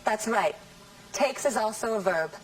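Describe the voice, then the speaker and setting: A woman teaching English in a scripted classroom lesson, saying model sentences slowly and carefully. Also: medium pitch, lively intonation, distant mic, a little hiss or hum, poor audio. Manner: slow, careful, over-articulated model sentences.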